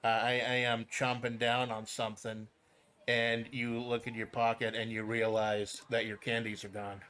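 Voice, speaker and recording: A man's voice: medium pitch, level tone, normal speed, a bit bright. A man hosting a casual game stream, joking with profanity and stammering repeats as he explains the rules step by step. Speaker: streamer host.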